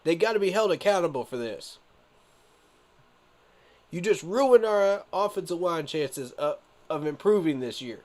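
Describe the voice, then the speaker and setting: A man's voice: a little high, lively intonation, unhurried, long pauses. A man live-streaming his reaction to a sports event, emphatic and exasperated, talking straight to his viewers with rhetorical questions. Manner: emphatic, addresses viewers directly as y'all.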